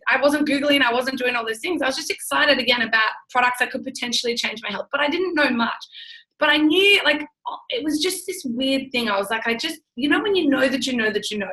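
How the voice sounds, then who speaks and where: A young woman guest chatting excitedly on a live stream, full of gushing enthusiasm and quick restarts. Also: fairly high pitch, poor audio. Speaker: guest, network marketing business builder.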